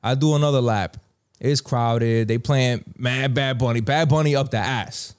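A man with a New York accent telling a casual story, slangy and animated, acting out the dialogue. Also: medium pitch, moderate pace, smooth. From New York (Bronx).

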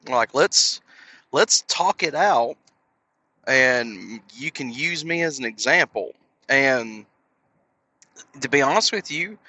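A man's voice: medium pitch, bright, forceful tone. A man hosting a podcast, talking casually into a headset in a rambling, self-deprecating way, full of fillers and acted-out voices. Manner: acts out voices of people in his stories. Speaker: podcast host.

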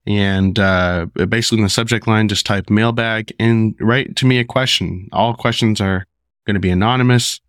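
A deep-voiced man hosting his podcast while sick, his voice rough. He rambles casually with many ums and restarts. The sound is dry and close. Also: fairly even intonation, moderate pace, a bit bright, dry recording. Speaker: podcast host. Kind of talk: casual solo podcast talk.

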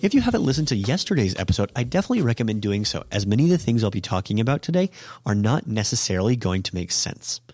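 Low-voiced man teaching Japanese casually. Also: big pitch swings, fast talker, a little mellow, no room sound. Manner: explains with many ums and self-corrections. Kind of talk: casual podcast language lesson.

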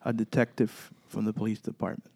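A man who leads a paranormal investigation group, telling stories in a halting way with many fillers and acting out the dialogue. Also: on the low side, completely flat delivery, vocal fry, dark tone. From Texas. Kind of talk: storytelling guest chat.

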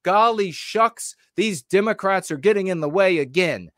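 A whiny male politician full of excuses, mocked by a man in a put-on voice. The voice sits high and sounds exaggerated and folksy. It is recorded dry and close. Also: expressive, normal speed, a bit bright, no echo. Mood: whining.

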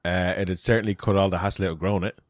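A man's voice: deep voice, fairly even intonation, rapid-fire, no room sound, studio quality. Wry man joking on a podcast. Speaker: podcast co-host. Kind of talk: casual banter.

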